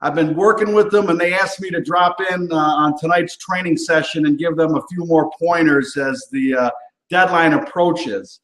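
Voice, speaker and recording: A man's voice: a little high, fairly even intonation, moderate pace, fairly bright tone. A man hosting a cooking show in a rambling, upbeat chat full of fillers and asides. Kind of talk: casual on-camera chat. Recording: roomy echo.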